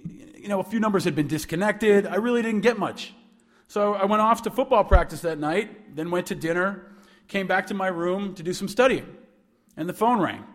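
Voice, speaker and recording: A man's voice: sits high, moderate pace. A man in his forties from New York giving a speech to students, telling a story with humor and playing both voices of a phone call. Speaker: alumnus speaker.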